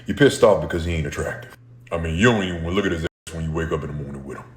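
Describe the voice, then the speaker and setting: A very deep-voiced man rants bluntly, his speech loaded with slang and swearing. The sound carries a noticeable room echo, as in a clip he filmed himself. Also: very fast. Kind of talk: casual social media rant.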